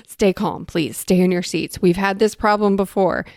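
A woman's voice: mid-range voice, normal speed, gravelly, darkish tone, no echo, clean studio sound, natural voice. A woman doing a flustered minister.

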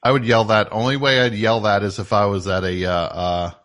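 A man's voice: lowish voice, fairly quick. A man hosting a call-in show, joking and bantering with callers in a wry way. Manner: joking, wry, lively delivery. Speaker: radio call-in show host.

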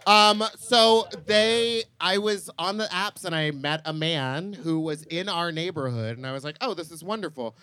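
A man co-hosting a live podcast, telling bawdy stories in an animated way, a bit drunk and laughing often. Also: on the high side, normal speed, hardly any pauses, clear, resonant tone, dry recording. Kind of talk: live podcast banter, storytelling. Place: live show at a poolside venue.

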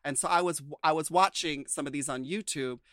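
A man's voice: on the high side, a little fast, bright, forceful tone, no room sound, studio quality. A man co-hosting a casual recap podcast, rambling with lots of "like" and "um". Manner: rambling, full of fillers like "like" and "um". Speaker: podcast co-host.

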